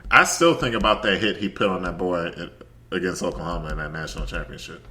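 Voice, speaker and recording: A man's voice: deep voice, quick pace, bright, forceful tone. A man co-hosting a sports podcast, joking and trash-talking in casual chat. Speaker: podcast co-host.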